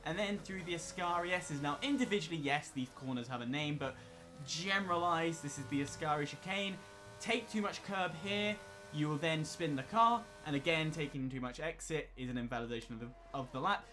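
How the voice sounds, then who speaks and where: A man co-commentates on a sim race, explaining corners and rules in a technical manner. His voice is bright and edgy, sitting a little high. A faint hiss lies under the recording. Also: fairly quick.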